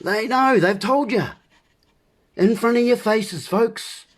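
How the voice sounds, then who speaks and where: A man's voice: sits high, slow pace. A man delivering a rambling monologue as host, full of playful wordplay and talking straight to the listeners as folks.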